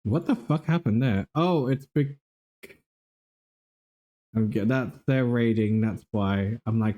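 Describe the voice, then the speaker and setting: A man's voice: mid-range voice, takes it slowly, pauses often, warm tone. A man hosting a casual livestream, telling exasperated, profane stories while reviewing game footage. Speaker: livestream host.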